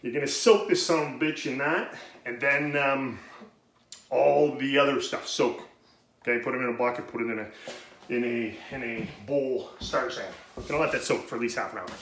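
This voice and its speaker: A bright, forceful-sounding man rambles through a casual how-to with plenty of profanity, cutting himself off mid-sentence and running short of breath. He is recorded in a roomy, echoey space with a faint hiss behind him. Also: medium pitch, moderate pace. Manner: rambling, profane, self-interrupting. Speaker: home brewing video host.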